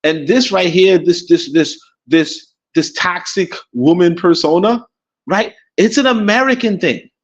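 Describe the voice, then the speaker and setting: The recording is muffled: a high-voiced, unhurried man born in the Caribbean co-hosts a casual podcast livestream while abroad in Africa, rambling along, repeating words, and chuckling.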